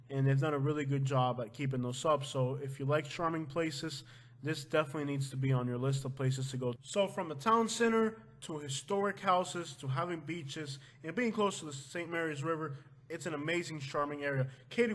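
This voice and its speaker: A man from Florida hosting a casual vlog, talking loosely and breaking into loud joking outbursts at home. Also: a little high. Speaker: vlog host. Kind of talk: casual chat. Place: at home with his wife.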